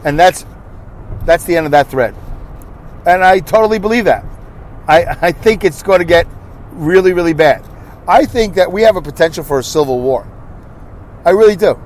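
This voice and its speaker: Rambling, animated middle-aged American man. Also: fairly high pitch, moderate pace, long pauses, a little hiss or hum. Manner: rambling, conversational, with restarts and asides. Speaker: podcast host. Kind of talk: casual solo monologue.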